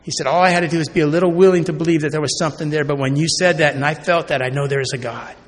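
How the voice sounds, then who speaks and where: A man's voice: on the high side, steady tone, racing. Man telling a story in a reverberant hall. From Oregon, USA. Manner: storytelling, acts out conversations, often tags lines with "right?". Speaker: recovery meeting speaker. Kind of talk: personal recovery story told to a convention crowd. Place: large convention hall. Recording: long hall reverb, faint background noise.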